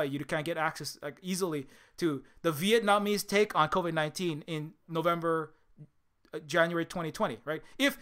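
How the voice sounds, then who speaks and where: A man's voice: fairly high pitch, bright, forceful tone, clear, resonant tone. A man from Hawaii giving a heated unscripted monologue, repeating words and restarting his sentences. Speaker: video essayist.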